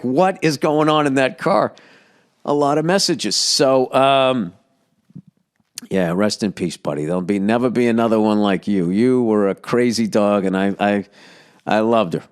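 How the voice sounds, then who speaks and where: A man with a somewhat low voice tells a casual story as a podcast host. He rambles, full of filler words and the odd swear word, and sounds fond as he looks back. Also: a little slow, long pauses, clean tone. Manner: fond and reminiscing.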